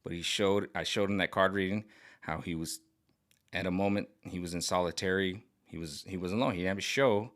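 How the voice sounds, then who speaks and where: A man's voice: low-pitched, fairly quick, a bit bright. A middle-aged man talking in a rambling, agitated vlog monologue, repeating himself and restarting often. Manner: mimics other voices sarcastically. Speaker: vlogger.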